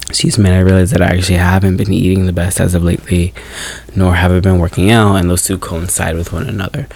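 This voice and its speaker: A man in his twenties speaks in a deep, low-pitched voice that still sounds groggy from just waking up. He hosts a casual solo podcast, musing reflectively and stopping to correct himself as he goes. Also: flat delivery, fast, vocal fry, darkish tone, no room sound. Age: 20s. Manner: rambling, reflective, self-correcting. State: groggy morning voice. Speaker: podcast host.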